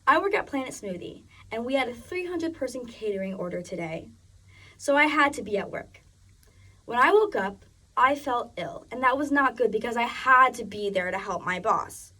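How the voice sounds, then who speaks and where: A woman's voice: on the high side, expressive, normal speed, pushed and bright, recorded from a distance. A young woman giving a personal narrative speech, chatty and full of restarts. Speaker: student speaker.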